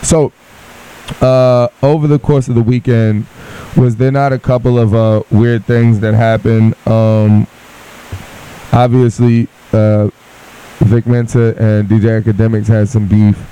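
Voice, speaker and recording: A man co-hosting a radio show, chatting casually in the studio and reading definitions aloud in a relaxed way. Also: fairly low pitch, a little slow, smooth, poor audio. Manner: reads definitions aloud, laid-back. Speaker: radio co-host.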